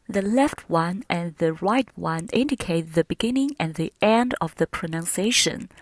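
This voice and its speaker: A woman teaching Mandarin pronunciation, carefully demonstrating each tone in drawn-out syllables. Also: medium pitch, dry recording, studio quality. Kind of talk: pronunciation lesson.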